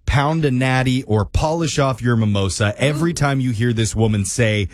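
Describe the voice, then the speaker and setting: A man's voice: mid-range voice, moderate pace, dry recording, clean studio sound. A man hosting a morning radio show, introducing a prank call segment in an upbeat, playful way.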